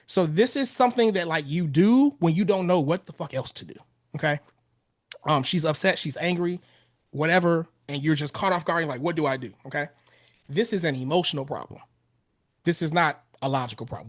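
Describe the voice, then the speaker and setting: A fairly high-voiced man in his thirties coaches husbands in a podcast interview, blunt and casual, with a loose tongue that swears freely. His voice is dry and close, with no room sound around it. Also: dry recording. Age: 30s. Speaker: relationship coach.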